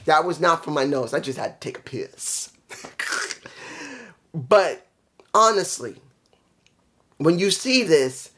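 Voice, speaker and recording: A man's voice: a little high, sing-song, slow, pauses often, a bit bright. Guy ranting through a wrestling show review, swears a lot, rambles, lots of ums when he blanks. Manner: rambling, profane, blunt opinions; trails off with fillers when forgetting. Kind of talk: casual solo review.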